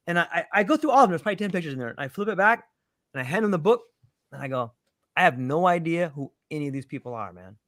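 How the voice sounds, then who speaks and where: A man with a slightly high voice tells a personal story to a panel in casual chat. He is lively and acts out the voices of the people in it. The sound is close and dry. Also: fast talker, dry recording. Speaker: panel guest telling a story.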